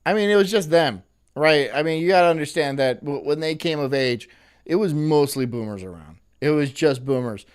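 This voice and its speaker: A man's voice: a little high, animated, normal speed, smooth. A man hosting a casual stream, rambling, sarcastic and laughing often as he reacts to a clip. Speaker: streamer host.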